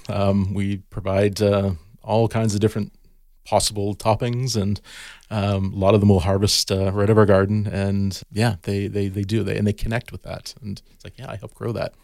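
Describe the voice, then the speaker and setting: A garden educator appears as a podcast guest, talking casually and telling stories full of restarts and fillers. His voice is on the low side and a little mellow, with clean studio sound and no echo.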